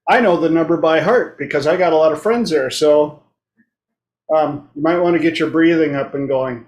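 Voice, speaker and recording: In an echoey room, a man with a slightly high voice hosts a casual talk show. He tells blunt stories and acts out the voices of the people in them.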